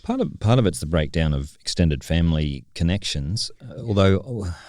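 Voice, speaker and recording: A man's voice: deep voice, lively intonation, normal speed, a little mellow, dry recording, clean studio sound. A man co-hosting a podcast, talking in a reflective, thoughtful way with frequent restarts. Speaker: podcast co-host. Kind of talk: casual discussion.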